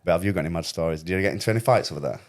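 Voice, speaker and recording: A young man who talks fast in a low voice. He tells his story in casual podcast chat, full of swearing and quoted voices. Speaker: podcast host.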